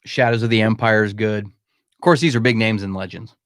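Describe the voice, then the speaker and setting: A podcast host with a fairly low, fairly bright voice runs a live-stream Q&A from a room in his home, talking a little fast. He speaks candidly and emphatically and calls listeners "man." The audio is studio quality with no echo.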